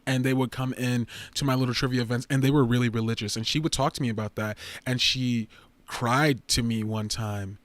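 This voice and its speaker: A man chats loosely to his viewers on a livestream, swinging from low, muttered asides up to loud, excited bursts. His voice sits in a middle pitch and is recorded dry and close, with almost no room sound. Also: brisk, no echo. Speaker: livestream host. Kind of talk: casual livestream chat.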